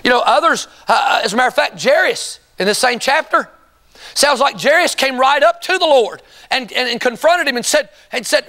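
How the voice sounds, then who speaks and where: A man with a very high voice delivers a sermon from the pulpit. He keeps firing rhetorical questions at the congregation and urging them to answer aloud. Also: expressive, fairly quick, sharp tone. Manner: asks the congregation rhetorical questions and calls for responses. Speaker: preacher. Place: church sanctuary before a congregation.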